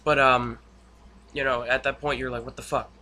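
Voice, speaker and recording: A young man talks through a TV episode recap, loose and rambling, with plenty of "uh" and "um" as he goes. His voice is bright and forward. A faint hiss sits under the recording. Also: medium pitch, flat delivery, moderate pace. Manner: rambling retelling with many fillers. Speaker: YouTube reviewer. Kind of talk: casual spoken episode recap.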